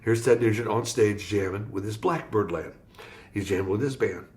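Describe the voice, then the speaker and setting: A man's voice: fairly low pitch, normal speed. A man from Florida, a guest musician on an interview podcast, telling a story and acting out the people in it. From Florida, USA. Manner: animated storyteller acting out quoted dialogue.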